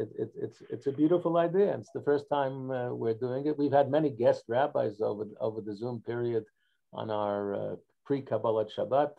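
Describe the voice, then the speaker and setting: A man hosting as rabbi, giving halting welcoming remarks with many restarts on a video call. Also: mid-range voice, gravelly, dull audio. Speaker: rabbi hosting a joint congregation event.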